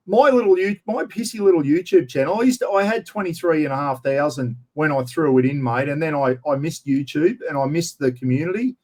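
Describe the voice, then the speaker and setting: A man's voice: fairly high pitch, a little fast, hardly any pauses, a little mellow. An Australian man talking in a casual interview, blunt and matey, calling everyone mate. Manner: blunt, matey, slangy, keeps saying mate. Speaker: interview guest, camping YouTuber. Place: at home, outdoors property.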